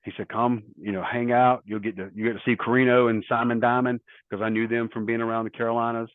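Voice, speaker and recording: A man's voice: medium pitch, little pitch movement, quick pace, no echo. A middle-aged man, a former wrestler, telling rambling stories in a casual interview, full of quoted dialogue. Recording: tinny phone-like line, dry.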